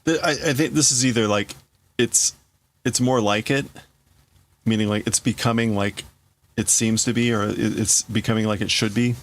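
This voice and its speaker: A man's voice: on the low side, steady tone, moderate pace. A man hosting a live stream who reads and translates a comic while thinking aloud, with hesitant restarts. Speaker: livestream host. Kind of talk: casual live reading and translating.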